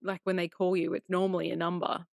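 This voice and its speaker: A woman's voice: fairly low pitch, level tone, fast, gravelly, dry recording, clean studio sound. A woman co-hosting a casual podcast chat, joking and laughing often in a breezy way. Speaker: podcast co-host.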